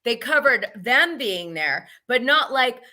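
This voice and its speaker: A woman's voice: fairly high pitch, sing-song, takes it slowly, sharp tone. A woman hosting a casual gossip live stream, talking frankly and laughing often. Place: home, Los Angeles area.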